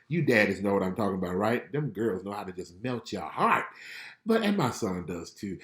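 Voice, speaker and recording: A man's voice: on the low side, big pitch swings, moderate pace, a bit bright. A man giving live prophetic readings in answer to viewers' questions. He talks in a casual, chatty way, laughs often and keeps checking in with his listeners. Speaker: prophet and spiritual life coach. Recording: roomy echo.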